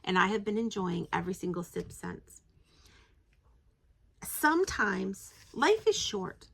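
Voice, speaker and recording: A woman's voice: medium pitch, very animated, unhurried, creaky, fairly bright tone, a little hiss or hum. A woman hosting a devotional podcast, reading scripture aloud and then reflecting casually, thinking aloud with frequent restarts and self-corrections.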